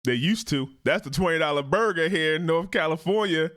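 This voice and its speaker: Man, reaction host, casual ranting commentary, profane, fairly high voice. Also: a little fast. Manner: blunt, profane, animated ranting.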